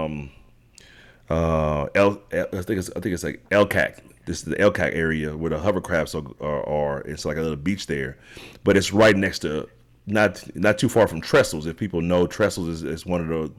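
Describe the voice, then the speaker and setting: Brief: very deep man, middle-aged, loose rambling storyteller, tags lines with "right?". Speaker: podcast guest, triathlete. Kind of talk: casual storytelling interview.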